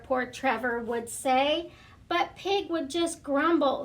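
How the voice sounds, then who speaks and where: School librarian lady reading a picture book to kids, high voice, gentle, lots of ums. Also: takes it slowly. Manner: gentle, hesitant with frequent fillers.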